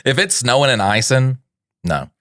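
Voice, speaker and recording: A man's voice: medium pitch, lively intonation, normal speed, sharp tone, no room sound, clean studio sound. A man co-hosting a podcast, telling a story in a casual, self-mocking way, laughing and teasing. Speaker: podcast co-host.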